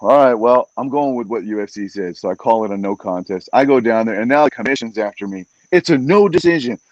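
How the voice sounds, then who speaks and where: A man who works as a fight announcer, a podcast guest telling stories in a casual, animated way and acting out what other people said. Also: fairly low pitch, fast, dry recording. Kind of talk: casual storytelling in a podcast interview. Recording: dull, dry podcast audio.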